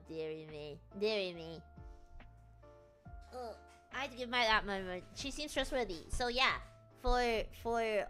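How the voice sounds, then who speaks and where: Bright, excitable streamer woman. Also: lowish voice. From northern England. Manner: excitable, rambling, giggly. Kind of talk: casual stream chat.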